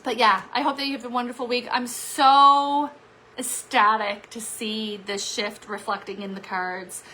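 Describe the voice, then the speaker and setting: A woman's voice: a little high, fairly even intonation, measured pace, bright, forceful tone, low-quality recording. A middle-aged woman, a psychic medium, giving a live weekly card-reading forecast in an upbeat, emphatic, encouraging way, often checking in with "okay?" and "right?". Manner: upbeat, emphatic, encouraging, talks straight to viewers. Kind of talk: live-streamed casual forecast talk.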